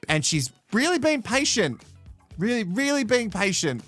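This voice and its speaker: A man's voice: high voice, very animated, normal speed, a bit bright, dry recording, faint music behind. A man from Australia hosting a live show from home in playful, teasing casual commentary. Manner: chatty, playful, teasing, laughs often. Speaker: host.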